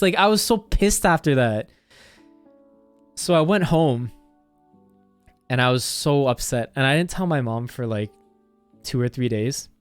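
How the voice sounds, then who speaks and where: A man's voice: mid-range voice, lively intonation, a little slow, long pauses, clear, resonant tone, dry recording, soft background music. A young man streamer casually telling a story, rambling with constant "like" fillers and swearing.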